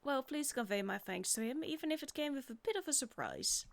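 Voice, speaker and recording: A woman's voice: high voice, lively intonation, fairly quick, creaky. A woman voicing a grumpy elderly male wizard from game dialogue, fussy and formal in phrasing. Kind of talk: reading game dialogue aloud.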